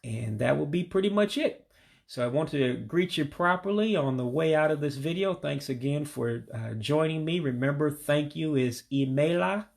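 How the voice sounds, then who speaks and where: A man giving a casual language lesson, patiently repeating each word slowly and dropping his voice on the English meaning. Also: fairly high pitch, animated, gravelly. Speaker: language learner teaching vocabulary.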